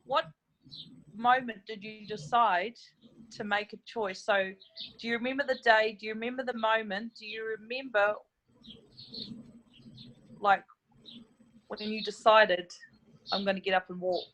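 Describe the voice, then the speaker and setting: A woman hosts a relaxed conversation at a middle pitch. She asks soft, searching questions and keeps rephrasing them as she goes. Her voice is gentle and unhurried. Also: dull audio. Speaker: host. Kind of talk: casual interview.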